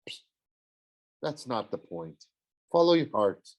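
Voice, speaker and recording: A man's voice: mid-range voice, very animated, slow. A man voicing a dramatic, swooning goddess of love in an audiobook, gushing and theatrical. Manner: gushing, theatrical, sing-song. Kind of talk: audiobook character voice.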